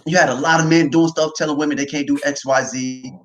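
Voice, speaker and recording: Animated, laughing young-sounding male host. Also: a little high, low-quality recording. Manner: animated, quick to laugh, repeats himself, says "right?" often. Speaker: podcast host. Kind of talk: casual faith talk on a livestream.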